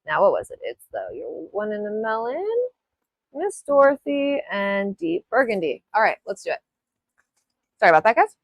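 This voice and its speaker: A young woman hosts a casual live nail tutorial, chatting as she works. Her pitch swings widely and freely, and her talk rambles with many self-interruptions and apologies. The sound is close and dry, with no room echo. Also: big pitch swings, moderate pace. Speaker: nail art tutorial host. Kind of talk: casual live-stream chat while demonstrating. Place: home nail studio.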